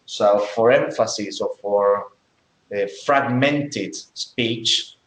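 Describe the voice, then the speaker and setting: Male language teacher, lowish voice, unhurried delivery, roomy classroom sound, patient step-by-step explaining. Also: a bit bright. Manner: explains slowly, step by step, with many okays. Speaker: English teacher. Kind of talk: classroom lesson.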